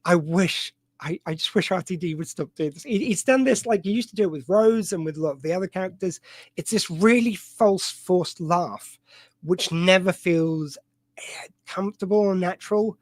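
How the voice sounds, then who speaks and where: Rambling man with a higher voice. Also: normal speed, no echo. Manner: rambling, digressive, many fillers and restarts. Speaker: podcast host. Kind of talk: casual live-stream commentary.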